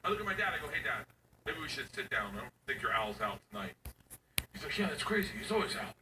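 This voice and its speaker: A man in his forties telling a stand-up comedy story, loud and animated, acting out other people's voices and owl hoots. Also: medium pitch, fast. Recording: echoey room recorded from far off, audience noise.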